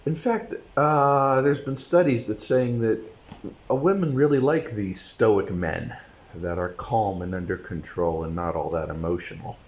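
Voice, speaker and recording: A man with a somewhat low voice talks through an opinionated monologue. He rambles, then punches certain points with sudden emphasis. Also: a little slow, rough recording. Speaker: commentary channel host.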